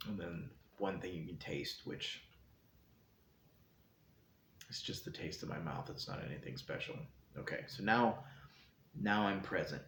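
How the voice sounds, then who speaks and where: A man hosting his own show, giving a calm, meandering explanation while seated indoors. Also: deep voice, gravelly. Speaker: host. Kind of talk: casual reflective talk. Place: indoor room, seated in a chair. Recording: echoey room, faint background hiss.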